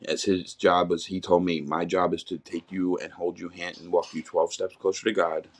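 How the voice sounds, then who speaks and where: A man's voice: low voice, flat delivery, normal speed. A middle-aged man, a podcast guest, candidly telling his life story in a raw, rambling way with many restarts.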